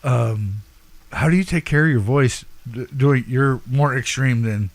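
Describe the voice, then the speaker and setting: A man hosting an interview, asking questions in a halting way, full of ums and restarts. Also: medium pitch, no echo. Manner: halting, many fillers and restarts. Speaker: interview host. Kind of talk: casual interview chat.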